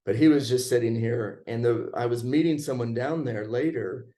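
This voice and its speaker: A man's voice: mid-range voice, normal speed, mellow. A young man telling a personal story in a casual chat, laid-back and chuckling as he goes.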